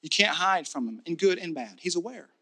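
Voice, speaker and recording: Male pastor preaching a sermon, bright kinda high voice, gets fervent then goes soft. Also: expressive, fairly quick. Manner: rising to fervent repeated declarations; drops to soft intimate tone.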